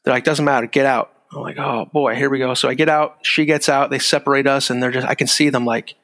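A middle-aged man with a gravelly edge, recounting an old story in a relaxed, easygoing way. He laughs lightly along the way and acts out what others said. His voice carries a long, hall-like reverb, as if recorded in a big echoing room. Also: mid-range voice, fast. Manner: laid-back, laughs while telling stories, acts out quoted lines. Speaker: guest, former security agent. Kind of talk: casual storytelling.

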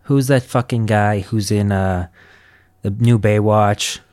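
A man in casual chat, telling stories in an animated, profane way. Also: on the low side, slow pace, no room sound.

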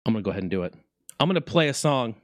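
A man ranting excitedly to his viewers about retro game consoles, swearing freely and talking straight to the audience. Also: mid-range voice, rapid-fire, no room sound, clean studio sound. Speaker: gaming video creator. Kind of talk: excited casual rant to camera.

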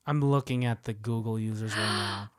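A man's voice: on the low side, moderate pace. A man co-hosting a casual podcast in a studio, teasing and joking through the banter. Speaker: podcast co-host.

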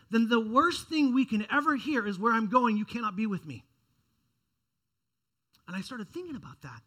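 A young adult man preaching a sermon in an earnest way, often restarting phrases and swinging from quiet to loud. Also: sits high. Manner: earnest, repeats words and restarts phrases, dynamic rises and drops in loudness. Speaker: pastor.

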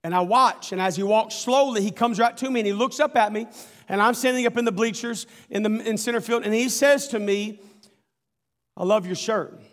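A man preaching a sermon, telling a story with animated, folksy asides to the congregation. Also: sits high, a little fast, in a large hall. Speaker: pastor.

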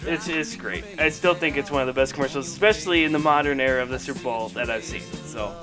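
A man co-hosting a casual podcast chat, rambling excitedly and laughing often as he talks. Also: mid-range voice, fast talker, over music. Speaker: podcast co-host. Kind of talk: casual chat about old commercials.

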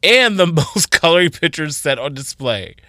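A man co-hosting a morning radio show, reading out record trivia with quick casual asides in the studio. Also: a little high, very animated, pushed and bright, dry recording. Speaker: radio co-host. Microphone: studio microphone.

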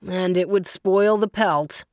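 A woman's voice: mid-range voice, takes it slowly, a little mellow, dry recording, natural voice. Woman doing a practical trapper farmer man, matter-of-fact, dry sound.

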